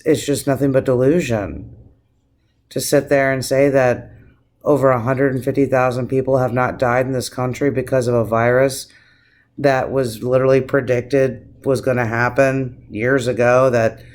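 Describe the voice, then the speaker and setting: A man rants to camera on his vlog, cursing freely and circling back through restarts. His voice sits at an ordinary mid pitch. He talks with plain, impassioned feeling. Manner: profane, impassioned, rambling with restarts. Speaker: vlogger. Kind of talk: casual vlog rant.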